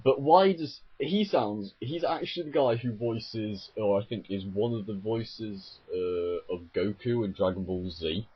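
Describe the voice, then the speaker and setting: A man's voice: fairly low pitch, a little slow, hardly any pauses, slightly rough. A man ranting on video about an anime dub, exasperated and sarcastic, often correcting himself mid-sentence. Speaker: YouTuber reviewing an anime dub. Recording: dull lo-fi home mic.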